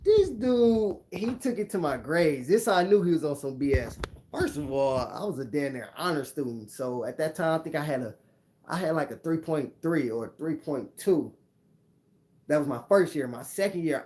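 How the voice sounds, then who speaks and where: A man's voice: mid-range voice, a little mellow. A man casually telling a personal story on his channel, laid-back and full of slang. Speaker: vlogger.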